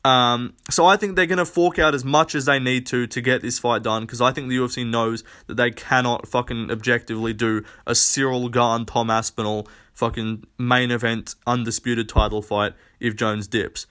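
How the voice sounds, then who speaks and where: A man's voice: mid-range voice, flat delivery, moderate pace, hardly any pauses, pushed and bright, clear, resonant tone. A young man talking casually on his own channel, giving blunt, profane, rambling predictions full of fillers and restarts. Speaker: MMA commentator. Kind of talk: casual solo prediction rant.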